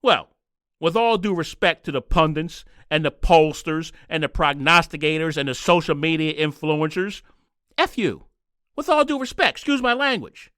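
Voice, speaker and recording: A high, lively male voice tears through a solo podcast rant, flipping between exasperated sarcasm and open anger. His tone is bright and edgy, and the close mic sounds dry. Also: normal speed, clean tone, no echo. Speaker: podcast host. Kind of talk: solo political commentary rant.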